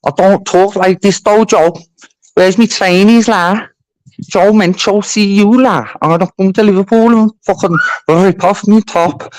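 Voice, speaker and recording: A shrill, squeaky young lad whines and taunts in a cartoonish mockery, voiced by a man doing an impression. The voice jumps far above the speaker's own low tone. The delivery is needling and sneering. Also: steady tone, measured pace, darkish tone, no room sound. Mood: mocking.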